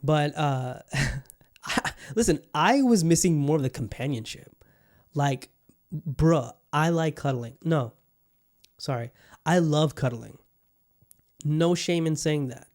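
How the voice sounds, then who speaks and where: A man's voice: fairly high pitch, animated, slow, pauses often, a little mellow. A man in his thirties hosting a podcast in candid, profane, rambling casual chat. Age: 30s. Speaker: podcast host.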